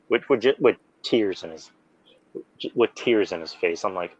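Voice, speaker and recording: A man hosting a casual podcast, rambling excitedly through story recaps with lots of fillers. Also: lowish voice, moderate pace, no echo, lo-fi sound. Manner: rambling, animated fan recounting plots with many fillers. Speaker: podcast host. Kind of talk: casual chat.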